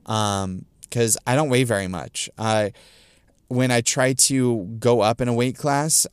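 A middle-aged man talks through a casual solo podcast, rambling and restarting his thoughts with plenty of ums. His voice sits low and smooth, and the sound is dry and close with no room around it. He keeps clearing his throat and hiccuping along the way. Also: dry recording. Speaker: podcast host.

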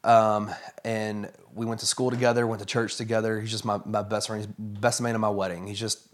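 A man telling a personal story as a guest in a conversation, earnest and halting with many fillers. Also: fairly low pitch, little pitch movement.

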